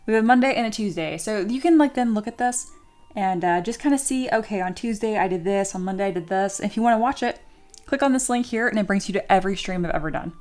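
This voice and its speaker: A woman's voice: medium pitch, fast talker, a little mellow. Chatty woman hosting a livestream. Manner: chatty, reads viewer comments aloud and answers them; upbeat and encouraging toward viewers. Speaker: livestream host and 3D sculptor. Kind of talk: casual livestream chat.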